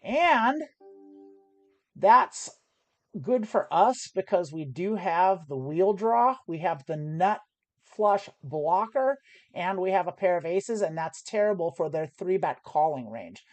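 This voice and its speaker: A woman's voice: on the low side, animated, takes it slowly, no echo. Woman casually explaining her poker plays. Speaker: poker streamer. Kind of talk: casual play-by-play commentary. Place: home.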